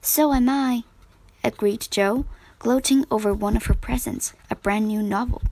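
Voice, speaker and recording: A woman reading a children's storybook aloud as narrator, slow and measured. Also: mid-range voice, steady tone, darkish tone, no room sound, low-quality recording.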